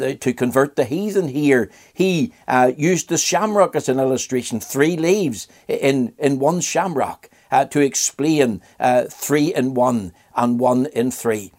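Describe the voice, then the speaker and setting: A man's voice: medium pitch, measured pace, hardly any pauses, a little mellow. Older man, preacher, earnest sermon, repeats phrases for emphasis.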